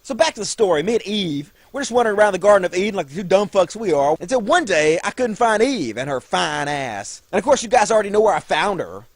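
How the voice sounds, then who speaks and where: A man's voice: high-pitched, sing-song, quick pace, hardly any pauses, no room sound, full character voice. A man playing a crude, slacker-style Adam, the first man, in a comedic monologue full of "man" and "dude". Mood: aggrieved. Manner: foul-mouthed stoner drawl, lots of "man" and "dude".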